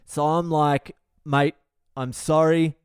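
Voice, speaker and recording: A man's voice: fairly high pitch, slow, clean tone, no room sound, studio quality. A middle-aged man with an Australian accent, hosting a podcast and telling a story casually, swearing a lot and laughing at himself. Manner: profane, animated storyteller who laughs at himself. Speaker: podcast host.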